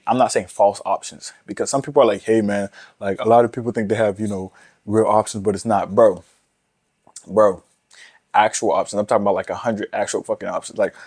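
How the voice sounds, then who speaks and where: A man's voice: fairly low pitch, a little mellow, no echo, studio quality. A young man talking casually to camera, giving blunt dating advice in a brash, profane way, often repeating himself.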